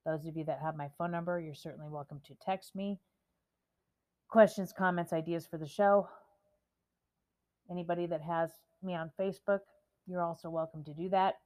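A woman in her fifties hosting her own podcast, speaking emotionally and deliberately as she reads out names and talks to her listeners. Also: fairly low pitch, steady tone, a little mellow. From United States. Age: 50s. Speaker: podcast host. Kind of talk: solo podcast monologue.

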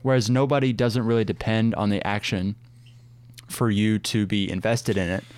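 A man's voice: fairly low pitch, fairly even intonation, moderate pace, darkish tone, smooth, dry recording. Enthusiastic young man reviewing movies. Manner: enthusiastic, lots of "like" fillers. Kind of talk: casual movie review chat.

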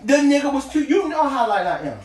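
A woman telling a story in casual chat, profane and animated, trading mock insults about an ex. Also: high-pitched, quick pace, roomy sound.

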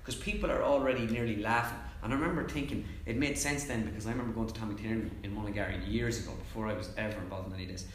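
A young Irish man chatting casually as a comedian guest, telling stories fast and acting out quotes. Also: on the low side, fairly even intonation, reverberant, a little hiss or hum. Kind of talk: casual chat.

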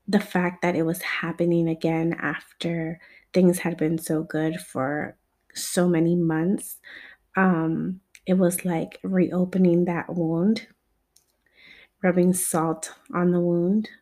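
A woman telling a personal story in a candid, halting and blunt way, swearing freely. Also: lowish voice, a little mellow.

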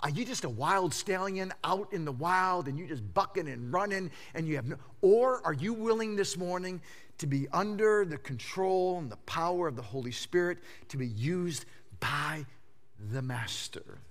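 A male pastor preaching a sermon, swinging between loud emphatic bursts and hushed lines, often repeating phrases for effect. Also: sits high, animated, normal speed.

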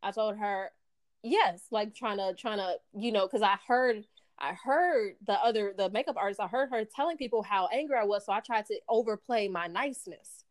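An actress telling a personal story in casual chat, animated and full of restarts, acting out the voices she quotes. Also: medium pitch, brisk, no room sound. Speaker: actress guest.

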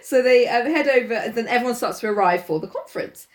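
A woman's voice: a little high, quick pace. A woman hosting a casual podcast chat, retelling a novel and laughing often as she puts on voices for its characters.

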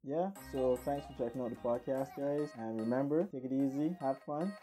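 Low, dark-voiced woman telling a story. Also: normal speed, soft background music. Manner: animated, acts out voices in stories. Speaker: podcast host. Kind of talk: casual storytelling monologue.

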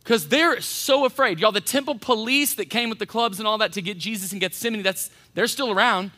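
Bright-voiced pastor preaching casually. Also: male voice, high voice, fairly quick. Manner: informal, animated, acts out voices in retelling. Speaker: college pastor. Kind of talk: casual sermon. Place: church hall.

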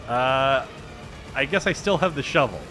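A man's voice: medium pitch, expressive, unhurried, bright, forceful tone, faint music behind. A man playing along in an improvised horror game, joking, rambling, and letting out mock-panicked yelps. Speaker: player. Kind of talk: casual improvised game play.

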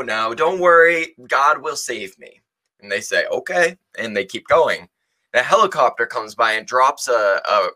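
Bright-voiced man preaching casually. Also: medium pitch. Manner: conversational, with fillers and restarts. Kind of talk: casual sermon.

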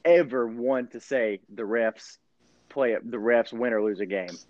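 A young man co-hosting a sports podcast, debating a game with incredulous, animated energy. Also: mid-range voice, unhurried, no echo. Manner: excitable, incredulous, rising to near-shouts when riled. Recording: dull lo-fi sound.

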